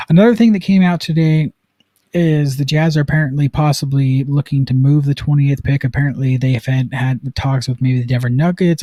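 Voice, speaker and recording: A man from Utah hosting a casual sports live stream, chatty and excitable, with lots of fillers. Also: mid-range voice, no room sound. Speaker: sports podcast host.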